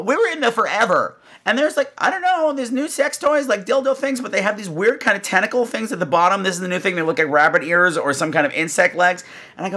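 A podcast host tells a comic story in a high-pitched, quick voice. He's animated, swooping in and out of voices and gasping as he goes.

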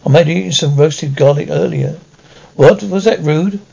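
A man's voice: a little high, moderate pace, vocal fry, dark tone, breathy edge, heavily acted. A man voicing a determined young woman who wants to be a doctor, speaking earnestly and bluntly. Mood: insistent. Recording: dull lo-fi recording.

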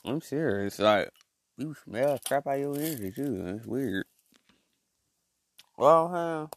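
A man doing a comedic rant monologue, rambling and slangy, full of fillers and restarts, jumping from low mumbles to loud outbursts. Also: expressive, slow.

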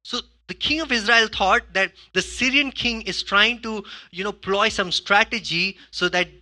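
A pastor preaches a sermon conversationally in a high-pitched voice at a moderate pace. He often says "okay?" and "you know," swinging between hushed asides and loud bursts of emphasis.

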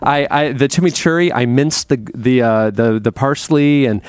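A man's voice: medium pitch, normal speed, clean tone, no echo. A man hosting a podcast from a studio, telling stories in an enthusiastic, chatty way and reading an ad. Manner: chatty, enthusiastic storyteller with restarts. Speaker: podcast host. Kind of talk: casual chat and host-read ad.

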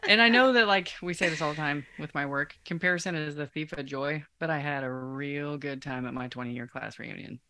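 A woman's voice: low voice, brisk, hardly any pauses, pushed and bright. A woman in her late thirties co-hosting a podcast, talking in a candid, laughing, profane way. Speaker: podcast co-host. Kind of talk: casual chat.

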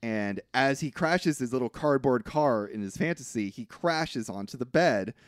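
A man co-hosting a podcast, casually recapping a film in an animated way, acting out quotes and often hedging. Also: medium pitch, normal speed, no echo, studio quality. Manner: animated retelling with acted-out quotes, frequent hedging. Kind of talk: casual chat.

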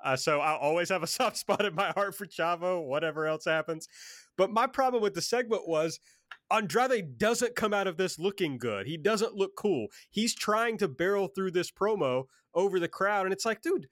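Male podcast co-host, slightly high voice, dry close sound, heated and profane. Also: animated, normal speed, fairly bright tone, no echo. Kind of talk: casual wrestling recap chat.

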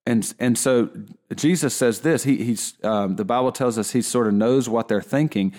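A man giving a relaxed Bible lesson in a conversational way, often restarting his sentences. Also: mid-range voice, normal speed. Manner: conversational, with frequent restarts and fillers. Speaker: Bible teacher.

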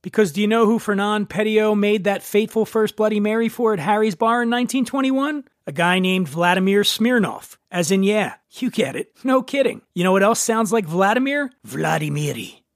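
A man's voice: high voice, expressive, moderate pace, few pauses, no echo, studio quality. Wry, theatrical male podcast host. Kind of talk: scripted monologue.

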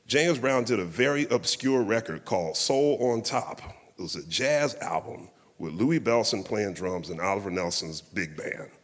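A man's voice: lowish voice, lively intonation, normal speed, few pauses, long reverb tail. A man telling a humorous, self-deprecating story live on a theatre stage.

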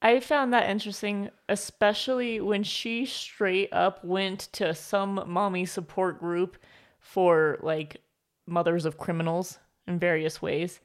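A woman's voice: lowish voice, flat delivery, a little slow. A woman co-hosting a casual book podcast, rambling and leaning on filler words as she shares opinions. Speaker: podcast co-host.

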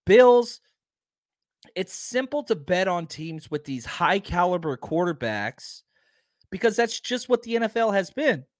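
A man hosting a sports podcast, talking casually and arguing his points with emphasis, his voice a little hoarse from talking so much. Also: high-pitched, normal speed, no room sound, clean studio sound. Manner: animated, emphatic, argumentative. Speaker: podcast host.

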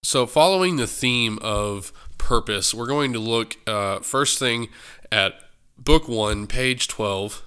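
A man's voice: medium pitch, takes it slowly, bright, forceful tone, clean tone. A man hosting a book club podcast alone, talking casually about a book with a stuffed-up nose, often correcting himself and joking along the way. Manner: rambling, self-correcting, joking. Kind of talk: casual solo podcast commentary.

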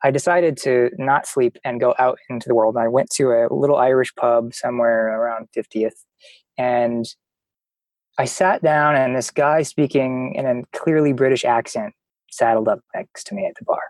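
A man with a mid-range voice tells stories with animated enthusiasm on a podcast. His delivery is casual and lively, and the sound is dry and close. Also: mid-range voice, moderate pace, no room sound, rough recording. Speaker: podcast guest, travel company marketer. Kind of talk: casual storytelling chat.

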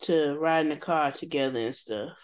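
Gossipy woman with a lowish voice. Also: normal speed. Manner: gossipy, slangy, retells scenes in quoted voices. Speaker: podcast co-host. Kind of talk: casual chat recapping a reality show.

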